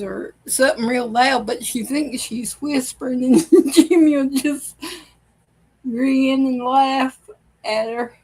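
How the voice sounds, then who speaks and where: A woman's voice: high-pitched, slow pace, a little mellow, breathy edge, poor audio. A woman hosting a casual reaction vlog, telling family stories in a chatty way and laughing often. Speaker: video host.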